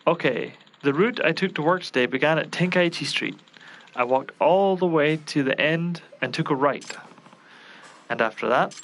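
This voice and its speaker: A man's voice: a little high, a bit bright. A man voicing a flustered young male cook who frets and scolds himself.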